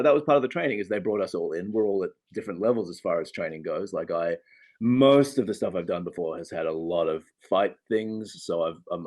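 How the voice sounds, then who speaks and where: A man in his thirties from Australia, an actor chatting casually in an interview from home, animated, laughing often and restarting sentences. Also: low voice. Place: home with a loft.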